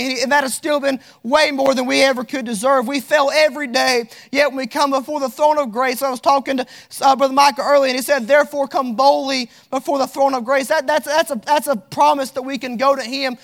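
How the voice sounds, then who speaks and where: A man's voice: very high-pitched, creaky, a bit bright. A man preaching a sermon, fervent and repetitive, lapsing into a sing-song cadence as he reads scripture.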